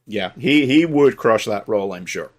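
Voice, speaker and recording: A man's voice: on the low side, animated, normal speed. A man co-hosting a podcast, chiming in with wry, sarcastic and profane comments on a film and laughing often. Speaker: podcast co-host. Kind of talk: casual chat.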